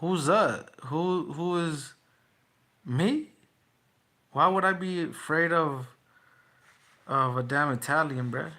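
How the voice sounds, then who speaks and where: A man's voice: on the high side, slow, pauses often, bright, forceful tone. A young man, a boxer, taunting his livestream chat in slangy, repetitive trash talk.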